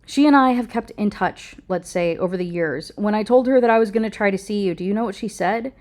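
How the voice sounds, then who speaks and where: A woman reading aloud as a confident grown daughter who speaks in a crisp, pointed, coolly triumphant way. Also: mid-range voice, a little fast, a little mellow, close to an everyday voice.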